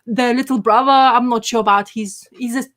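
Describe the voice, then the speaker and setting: A woman's voice: on the high side, steady tone, normal speed, fairly bright tone. A woman chatting casually as a podcast co-host, rambling with enthusiasm and many fillers and restarts. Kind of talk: casual chat.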